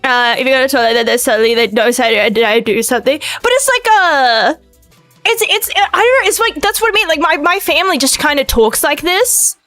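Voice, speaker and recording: Excitable high-voiced woman streamer. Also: dry recording, faint music behind. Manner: excitable, loud and fast, lots of pitch swings. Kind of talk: casual chat stream.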